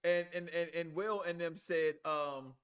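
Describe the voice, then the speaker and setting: A man co-hosting a casual review show, loud and playful, crude jokes, acting out the characters as he recaps. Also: on the high side, fairly even intonation, a little slow.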